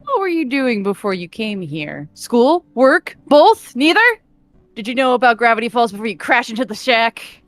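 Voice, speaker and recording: A bubbly, pushy young girl, voiced by a woman who fires off question after question with a lively, bouncing pitch. Her voice is close and dry, with faint music underneath. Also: no room sound. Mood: curious. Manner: rapid-fire questions, teasing. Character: cheerful nosy young girl, pushy and playful.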